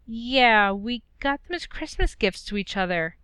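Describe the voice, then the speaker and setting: A woman's voice: on the high side, expressive, unhurried, pushed and bright, smooth, dry recording. A woman reading a story aloud and voicing a nervous, tender young man who speaks hesitantly.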